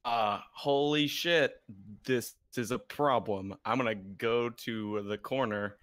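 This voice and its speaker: Goofy bright-voiced male player. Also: mid-range voice, slow, no room sound, clean studio sound. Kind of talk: in-character tabletop banter.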